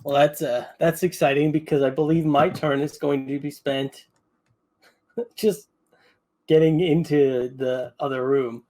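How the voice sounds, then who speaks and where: Wry, slightly high male player. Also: steady tone, unhurried, warm tone. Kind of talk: casual tabletop play.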